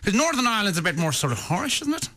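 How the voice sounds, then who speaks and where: Lively chatty radio host man. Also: high voice, fast talker, no echo. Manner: chatty, reads listener texts aloud, laughs often. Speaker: radio breakfast show host. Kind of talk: casual radio banter.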